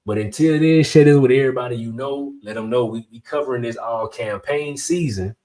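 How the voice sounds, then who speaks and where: A man hosts a political commentary channel in a blunt, slang-filled style. He talks directly to his viewers at an ordinary, middling pitch. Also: fairly quick, mellow. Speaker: channel host.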